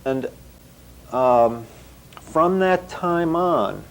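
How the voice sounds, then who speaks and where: A man's voice: medium pitch, lively intonation, very slow, vocal fry, rough recording. A male psychotherapist recounting a clinical case as a story and acting out the dialogue.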